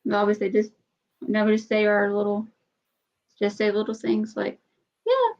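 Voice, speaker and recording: A woman hosting a casual chat, playful and quick to laugh, swearing casually. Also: medium pitch, completely flat delivery, a little mellow. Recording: dull lo-fi sound.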